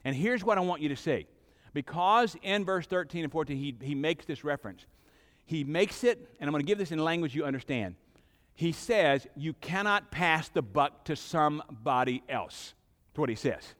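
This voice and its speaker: A middle-aged man preaching a sermon as pastor, emphatic, with dramatic pauses and swelling intensity, in a church sanctuary. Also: on the high side, animated, fairly bright tone. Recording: long hall reverb.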